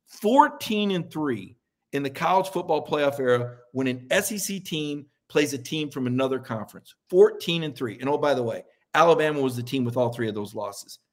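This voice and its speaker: A man's voice: medium pitch, animated, normal speed. A middle-aged man, a sports columnist in an opinionated, folksy debate who often repeats words as he builds a point.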